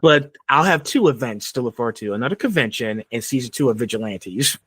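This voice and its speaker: A man's voice: mid-range voice, animated, fairly quick, a bit bright, slightly rough, dry recording. A young man from Georgia in the US hosting a casual podcast interview, asking eager fan questions. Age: young adult. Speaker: podcast host.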